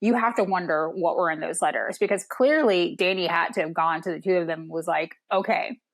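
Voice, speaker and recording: A woman's voice: on the low side, a little fast. Female podcast guest, chatty and casual, acts out quotes. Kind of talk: casual chat.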